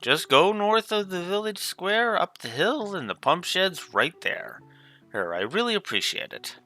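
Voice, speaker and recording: A man's voice: high-pitched, sing-song, measured pace, pushed and bright, soft background music, pitched above the performer's own voice, full character voice. A man putting on a folksy old innkeeper woman. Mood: fond. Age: older. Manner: homespun old-fashioned sayings, fussing over the girl. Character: folksy elderly woman innkeeper, warm and chatty. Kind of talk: reading game dialogue aloud with voices.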